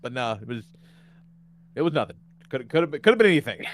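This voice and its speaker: A man hosting a podcast, telling a story in casual chat, acting out quotes with big jumps in pitch and laughing often. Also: very animated, fast. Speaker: podcast host.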